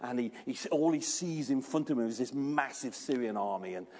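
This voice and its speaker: A man preaching a sermon, telling lively stories and putting questions to the congregation. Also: medium pitch, brisk, long reverb tail. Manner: animated storytelling, asks the congregation questions. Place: church.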